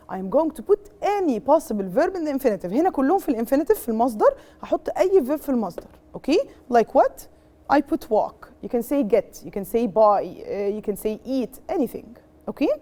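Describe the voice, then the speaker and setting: A woman's voice: fairly high pitch, dark tone. A woman with an Egyptian accent teaching an English revision lesson, explaining each point in English and then in Arabic and quizzing her pupils as she goes. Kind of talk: bilingual exam revision lesson.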